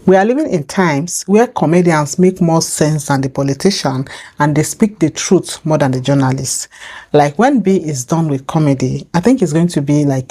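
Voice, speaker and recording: A woman's voice: low-pitched, warm tone. A young woman hosting a reaction video, talking earnestly and repeating her points for emphasis. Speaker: reaction channel host. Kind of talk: casual reaction commentary.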